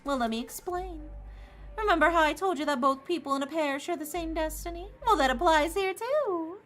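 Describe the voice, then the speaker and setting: A woman's voice: very high-pitched, expressive, a little fast, a bit bright, faint music behind. Woman doing a taunting drawling rabbit game master. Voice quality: Southern drawl put on. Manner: taunting, singsong, playful. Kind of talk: reading a visual novel aloud on stream.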